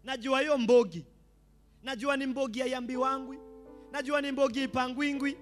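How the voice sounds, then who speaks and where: A Kenyan preacher acting out a desperate rich man pleading from torment, shouting in English and Swahili slang. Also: very high-pitched, fairly even intonation, a little fast, faint music behind, voice pushed up.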